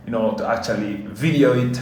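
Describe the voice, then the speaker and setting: Jamaican man, vlogger, heated and repetitive, mid pitch, echoey room. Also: fairly quick, darkish tone, soft background music. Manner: heated, repetitive, keeps saying "you know what I mean" and "family". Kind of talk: casual commentary to camera.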